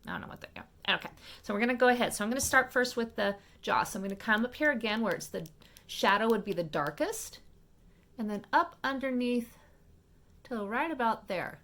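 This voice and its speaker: Chatty woman with a gravelly, bright voice. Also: on the high side, expressive. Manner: chatty, fast-paced, checks in with viewers. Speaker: makeup tutorial host. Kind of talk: casual step-by-step makeup demonstration.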